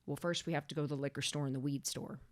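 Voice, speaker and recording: A woman tells a wild story on her podcast, animated and a little foul-mouthed, rushing ahead when she gets worked up. Her voice sits on the low side, recorded close and dry. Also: no echo. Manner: animated, swearing, rapid bursts when excited. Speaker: podcast co-host. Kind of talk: casual storytelling chat.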